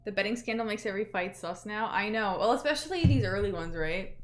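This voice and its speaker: Woman, livestream host, casual chat, reads chat aloud, mid pitch. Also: fast talker. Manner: chatty, reads out chat messages, lots of fillers.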